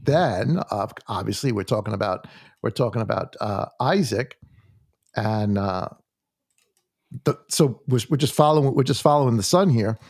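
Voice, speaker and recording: A man leading a conversational Bible study in a church, halting and full of restarts as he reads scripture aloud. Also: lowish voice, animated, darkish tone, dry recording, studio quality. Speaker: Bible teacher.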